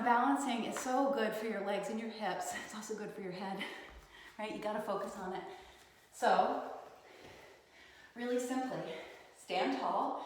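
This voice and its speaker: Yoga teacher woman in echoey studio. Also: on the high side. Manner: calm, encouraging cueing with frequent "right?". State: slightly out of breath while demonstrating. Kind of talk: guided yoga class instruction. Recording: echoey hall, voice from far off.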